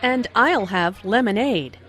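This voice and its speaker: A woman playing Anna, a customer and patient, in a slow, clearly enunciated scripted language-learning dialogue. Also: on the high side, sing-song, fairly bright tone, exaggerated voice. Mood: ordering.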